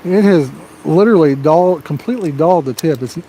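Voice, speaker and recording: A man hosting a live fishing show outdoors, his voice a touch higher than most men's. He talks in a loose, rambling, folksy way, telling a long joke while baiting his hooks. Faint outdoor noise sits behind him. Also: fairly quick, dark tone. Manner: rambling, folksy storytelling with frequent "you know". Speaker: fishing livestream host. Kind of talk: casual live-stream chat and joke telling. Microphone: personal microphone.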